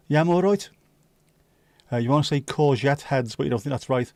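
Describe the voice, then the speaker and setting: A man hosting a livestream, chatting casually with viewers and cracking sweary jokes and quick asides. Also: fairly high pitch, darkish tone, dry recording. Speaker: livestream host. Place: home livestream setup.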